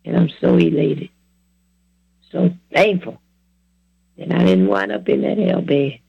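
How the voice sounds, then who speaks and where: A man in his seventies preaches his testimony in plain, repeating phrases, urging his listeners on. His voice sits high and grinds with heavy fry, rough and breathy at the edges. The recording is dry and muffled. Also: a little slow, no room sound. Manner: repetitive, exhorting, plain-spoken. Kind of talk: earnest testimony sermon.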